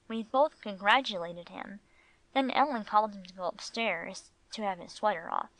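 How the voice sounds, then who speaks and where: A woman narrating a classic audiobook in a measured, even storytelling manner. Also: medium pitch, dry recording, poor audio. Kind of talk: scripted narration.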